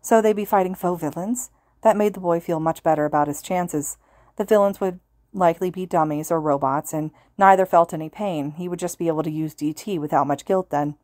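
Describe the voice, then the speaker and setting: A woman reading a fan fiction story aloud as a podfic narrator, calm and steady. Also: lowish voice, brisk, dry recording, studio quality. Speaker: podfic reader.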